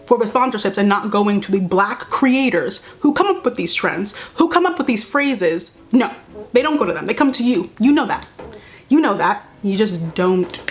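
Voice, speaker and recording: A woman's voice: mid-range voice, expressive, normal speed. Blunt, exasperated young woman vlogger. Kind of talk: casual commentary vlog while doing makeup.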